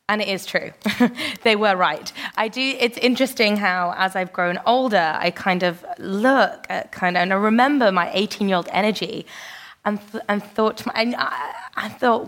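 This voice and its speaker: A woman's voice: medium pitch, normal speed, a bit bright. A woman guest on a live podcast, bubbly and rambling as she talks. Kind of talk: casual interview talk. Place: live event venue.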